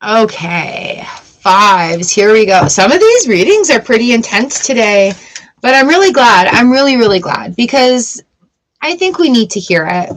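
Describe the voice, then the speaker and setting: A woman's voice: a little high, very animated, measured pace. Blunt, chatty woman reading tarot. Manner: chatty, blunt, swears freely. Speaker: tarot reader. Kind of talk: casual live-stream tarot reading.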